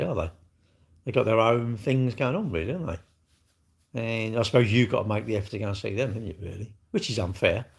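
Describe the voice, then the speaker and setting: Bloke, live-stream host, blunt and rambling, cheeky asides to chat. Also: male voice, fairly low pitch, vocal fry.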